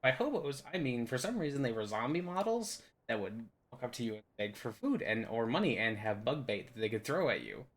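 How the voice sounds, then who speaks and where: A young man rambles through a casual game map tour in a goofy, playful way. His voice sits at an ordinary middle pitch, loose and unhurried, with jokey asides. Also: very animated. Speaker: game video host.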